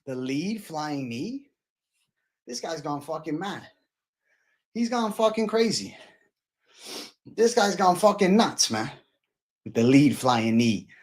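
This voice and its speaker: A man's voice: on the high side, sing-song, slow, pauses often, dry recording. Profane, hyped male MMA streamer. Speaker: MMA livestream host. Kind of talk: casual livestream chat.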